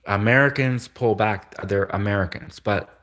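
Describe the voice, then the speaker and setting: Man, livestream host, lower voice; loose rambling monologue with frequent chuckles and restarts. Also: moderate pace, fairly bright tone. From Canada. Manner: chuckles often, stumbles and restarts.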